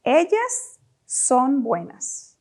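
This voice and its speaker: A woman teaching a children's Spanish lesson, speaking model phrases slowly and prompting learners to repeat them with encouragement. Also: high voice, wildly swooping pitch, darkish tone.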